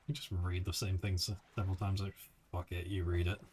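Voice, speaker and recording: Man, game streamer, casual commentary, laid-back, swears a lot, lowish voice. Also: level tone, normal speed, darkish tone, slight background noise.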